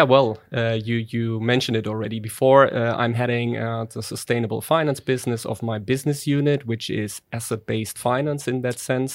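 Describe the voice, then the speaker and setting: A man's voice: medium pitch, no room sound, studio quality. German-accented man in a business interview. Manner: measured, businesslike, with fillers. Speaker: guest, head of sustainable finance. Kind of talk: interview answers.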